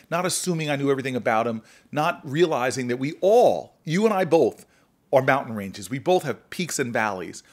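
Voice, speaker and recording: A middle-aged man, a senator, telling stories in an earnest, animated way during a podcast conversation. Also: mid-range voice. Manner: earnest, animated storyteller, often acts out dialogue.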